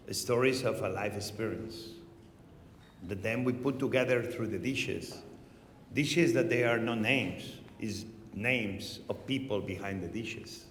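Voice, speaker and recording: A middle-aged man with a Spanish accent hosts a live onstage conversation, animated and laughing and swearing freely. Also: mid-range voice, slight background noise. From Spain. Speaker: podcast host. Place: large venue with live audience. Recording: echoey hall.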